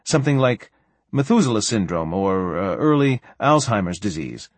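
A man's voice: on the low side, very animated, normal speed, dry recording. A male narrator voicing an anxious father who presses for answers. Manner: insistent questioning. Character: worried, demanding father.

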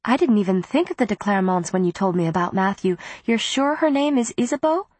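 Woman doing a warm, comforting older witch. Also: mid-range voice, animated, fairly quick, slightly rough, dry recording, pitched above the performer's own voice. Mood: warm, urgent.

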